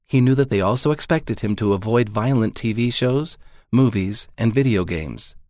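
Low-voiced man calmly reading a story. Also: moderate pace, dry recording, clean studio sound. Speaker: story narrator. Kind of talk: scripted narration of a magazine story.

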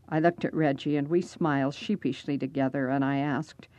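A woman's voice: extremely low pitch, fairly even intonation, moderate pace, few pauses, darkish tone, no echo. A woman narrating a first-person story aloud, reading expressively.

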